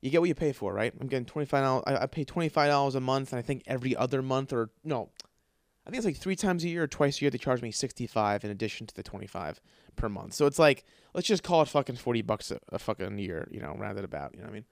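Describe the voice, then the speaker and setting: A man hosting a podcast from his apartment, ranting with constant swearing, stuttering and repeated words, jumping between yelling and mumbling. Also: mid-range voice, expressive, quick pace, creaky, no echo, clean studio sound. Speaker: podcast host. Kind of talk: profane ranting monologue. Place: his apartment, in a dark room. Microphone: studio microphone.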